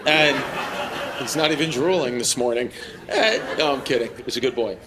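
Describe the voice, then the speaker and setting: A man's voice: mid-range voice, lively intonation, normal speed. A man doing stand-up, teasing audience members with profane, brash crowd work at a live show. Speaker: stand-up comedian. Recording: live room mic with loud crowd. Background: audience laughter and crowd noise.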